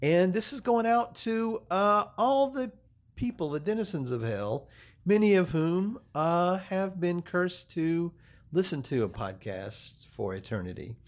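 A man's voice: high-pitched, sing-song, a little slow. A man playing a damned soul who hosts a podcast from hell. He acts as the exasperated straight man in an improvised comedy podcast. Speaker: podcast host. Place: podcast studio.

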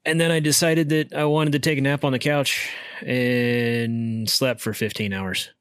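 A man co-hosting a podcast, talking in a laid-back, relaxed way with lots of uh fillers. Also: mid-range voice, measured pace, clean tone, dry recording, studio quality. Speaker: podcast co-host. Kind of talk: casual chat.

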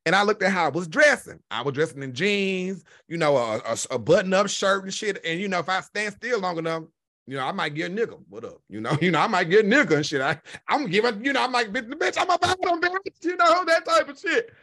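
A young man chatting casually and telling a profane, animated story, full of exclamations. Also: high-pitched, quick pace. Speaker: podcast host.

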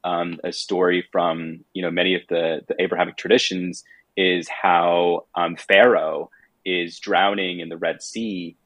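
A man on a podcast with a very deep voice and a husky edge. He talks haltingly and reflectively, with plenty of ums. The sound is dry and close-miked. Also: flat delivery, a bit bright, no room sound. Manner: halting, many fillers, reflective. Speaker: podcast co-host. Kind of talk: casual podcast chat.

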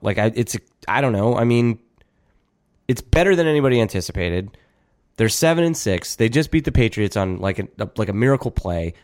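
Tipsy man rambling about football. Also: medium pitch. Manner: rambling, hedges with lots of likes and I means. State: drunk. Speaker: podcast co-host. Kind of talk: casual sports chat.

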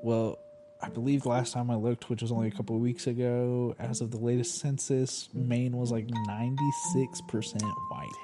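A man's voice: mid-range voice, flat delivery, moderate pace. Jokey guy rambling on a podcast, keeps cutting himself off, music bed playing under him. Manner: rambling, jokey, self-interrupting. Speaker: podcast co-host. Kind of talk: casual banter.

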